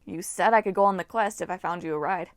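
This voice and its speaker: A woman voicing a cheerful, reckless teenage boy mechanic who talks loud and excited. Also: fairly low pitch, fast, dry recording, clean studio sound, lightly acted.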